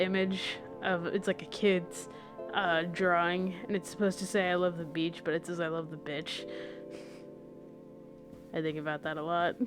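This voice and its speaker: A woman's voice: on the low side, level tone, normal speed. A woman streamer rambling and muttering to herself in casual live gameplay chatter, with some casual swearing, at a home streaming setup. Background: game music.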